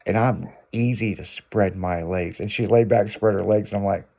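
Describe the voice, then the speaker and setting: A man's voice: fairly low pitch, steady tone, normal speed, gravelly, warm tone. A male radio host telling a crude story in casual talk, swearing often and laughing as he goes. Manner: profane, laughing through his story. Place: radio studio.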